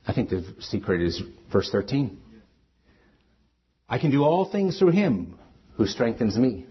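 A man's voice: mid-range voice, slightly rough, highs cut off. A man preaching a sermon as pastor, earnest and rising to emphatic peaks.

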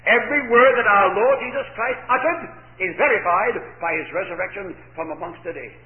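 Emphatic preacher, echoey lo-fi recording. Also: male voice, high voice, fairly quick. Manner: emphatic, rhetorical questions answered himself. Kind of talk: sermon.

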